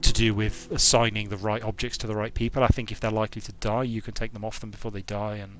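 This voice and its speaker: A man's voice: lowish voice, level tone, quick pace, a bit bright, soft background music. Rambling man thinking aloud. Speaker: game designer streaming gameplay. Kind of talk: casual gameplay commentary. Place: hot room at home.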